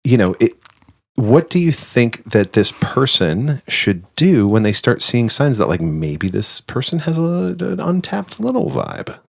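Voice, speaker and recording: A man's voice: mid-range voice, very animated, a little slow, gravelly. A man co-hosting a casual podcast, joking around and reading out listener questions. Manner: playful, jokey, reads listener questions aloud. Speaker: podcast co-host.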